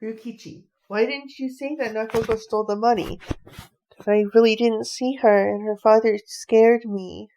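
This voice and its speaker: A woman's voice: fairly high pitch, fairly even intonation, moderate pace, dark tone, a little hiss or hum, close to an everyday voice, low-quality recording. A woman reading a storybook aloud, voicing a spiteful male schoolteacher who talks bitterly and sneeringly.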